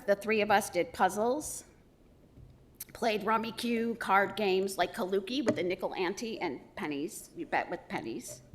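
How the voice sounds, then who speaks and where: Woman giving a eulogy, low voice. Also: a little hiss or hum. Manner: warm storytelling with gentle humor. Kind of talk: funeral eulogy.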